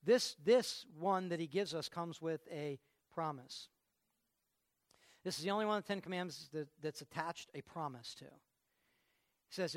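A man's voice: a little high, a little slow, long pauses, no room sound, clean studio sound. A man preaching a sermon in a conversational way, often stopping to repeat his words. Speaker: pastor.

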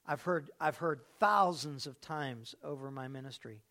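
High-voiced pastor preaching a sermon. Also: male voice, measured pace, hardly any pauses. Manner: animated, swings between loud and hushed; rhetorical questions to the congregation.

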